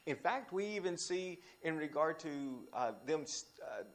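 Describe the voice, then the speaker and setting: Animated male Bible teacher. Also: moderate pace. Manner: animated, frequent restarts, pitch jumps when quoting scripture.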